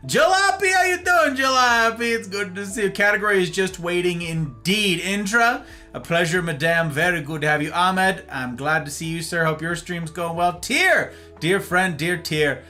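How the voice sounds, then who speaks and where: A man's voice: normal speed, pushed and bright. A man streaming live and greeting his chat one by one, playful and theatrical, with faint music behind him. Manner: playful, theatrical, swings between high exclamations and low murmurs. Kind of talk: casual livestream chat greeting viewers.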